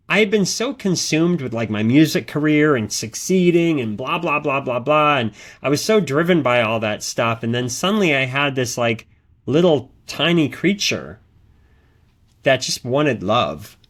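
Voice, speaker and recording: A man hosting a podcast, telling personal stories in a rambling, earnest way with many restarts and repeated words. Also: mid-range voice. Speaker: podcast host. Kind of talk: casual podcast monologue.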